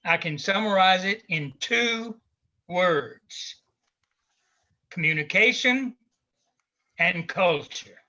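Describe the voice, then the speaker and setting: Man, South Carolina Southern accent, lecture, very slow pace, bright tone. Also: high voice, animated, highs cut off. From South Carolina, United States. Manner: slow, deliberate, advisory, with fillers. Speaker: conference speaker. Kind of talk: lecture to visiting teachers.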